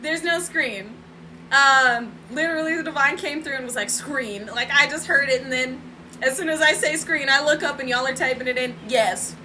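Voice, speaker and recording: Chatty woman livestreaming from home, high voice, laughs a lot, talks to chat, faint room hum. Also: normal speed, bright, forceful tone, poor audio. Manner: chatty, laughing, talks to viewers and her cat. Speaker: spiritual vlogger. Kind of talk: casual live-stream storytelling.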